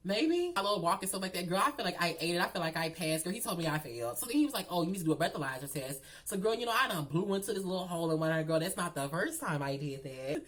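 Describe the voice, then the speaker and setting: A sassy woman spinning a storytime tale for her vlog, her voice rising and dipping through every line. She is profane, animated and keeps calling the listener girl. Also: on the low side, rapid-fire, hardly any pauses. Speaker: vlogger.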